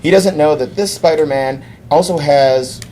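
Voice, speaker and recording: A man hosting a podcast, casually retelling a comic story as a lively storyteller. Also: on the high side, moderate pace, slight background noise. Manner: lively storyteller who acts out quoted lines. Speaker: podcast host.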